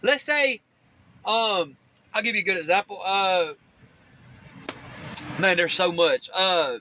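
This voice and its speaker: A man's voice: high-pitched, slow pace, pushed and bright, slight background noise. A man recording himself on his phone, ranting angrily and profanely, repeating "okay?" over and over. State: angry. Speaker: self-recording vlogger. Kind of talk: angry rambling monologue to camera. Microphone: phone front camera.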